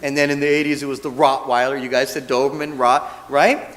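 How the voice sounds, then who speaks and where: In a church hall full of long reverb, a mid-range male minister delivers a humorous, casual dharma talk at a slightly fast clip. Animated, he imitates the people he quotes and checks in with the audience with "right?"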